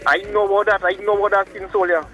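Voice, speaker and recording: A man calling a radio show and agreeing warmly with the host. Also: sits high, steady tone, rapid-fire, muffled recording, over loud music. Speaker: caller. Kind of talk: call-in chat.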